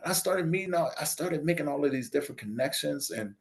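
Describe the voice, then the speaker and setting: A man with a gravelly voice, moving at a quick pace, shares a personal story as a podcast guest; he runs a nonprofit. He animates the dialogue with voice shifts, going soft and low for quoted people and loud and lively at other times.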